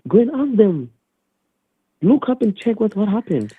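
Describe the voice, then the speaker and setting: A man's voice: high voice, big pitch swings, normal speed, crowd noise. A man with a non-native accent calling into a show, arguing insistently and repeating his points. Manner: insistent, argumentative, repeats himself. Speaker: caller. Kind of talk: heated phone-in debate. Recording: tinny dry phone line.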